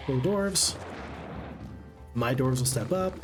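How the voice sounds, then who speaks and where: A man streaming a strategy game, chatting excitedly to his viewers. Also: mid-range voice, slow, over music. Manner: excitable, chatty, talks to chat. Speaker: gaming streamer. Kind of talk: live game commentary.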